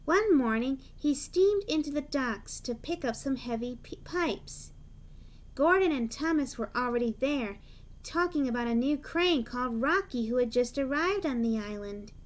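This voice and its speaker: A woman's voice: high-pitched, lively intonation, moderate pace. A woman reading a children's train storybook aloud, adding chatty asides of her own between the narration.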